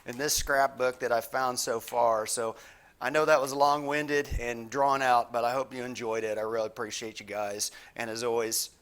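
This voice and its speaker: A man's voice: medium pitch, steady tone, normal speed, a bit bright, clear, resonant tone. Man, middle-aged, casual vlog storytelling, easygoing, filler-heavy. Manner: chatty, many "uh" fillers, easygoing. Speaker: YouTube guitar channel host.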